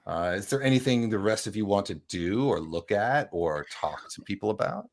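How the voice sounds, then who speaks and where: Low-voiced, rambling game master. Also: male voice, animated, normal speed, creaky. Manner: rambling, lots of fillers and "right?". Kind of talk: narrating a tabletop game.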